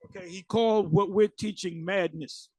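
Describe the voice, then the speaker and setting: A man's voice: high voice, fairly even intonation, normal speed, dark tone, no room sound. A man giving blunt, mocking commentary as he reacts to online videos. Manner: mocking, blunt, swears freely.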